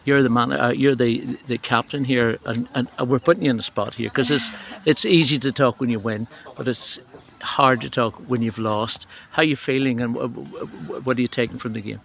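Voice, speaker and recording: A man hosting a local news podcast, talking in a loose, relaxed way with many fillers and restarts. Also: mid-range voice, brisk, creaky. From Northern Ireland. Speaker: podcast host. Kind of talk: casual local news chat.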